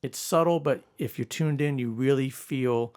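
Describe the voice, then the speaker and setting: A man's voice: mid-range voice, moderate pace, darkish tone, clean tone. A man hosting a casual spiritual podcast chat, reflective and agreeable, often backing up his co-host.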